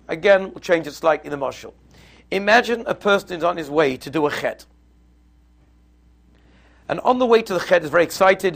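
A man's voice: on the high side, vocal fry, a bit bright. A man giving a Torah lesson, explaining texts step by step in a conversational, storytelling way. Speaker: Torah teacher.

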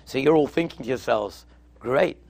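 A rabbi delivers a sermon to yeshiva students, telling stories, acting out the dialogue in quotes, and mixing in Hebrew and Yiddish terms. His high-pitched voice has lively intonation and vocal fry at a normal speed, in a dry recording.

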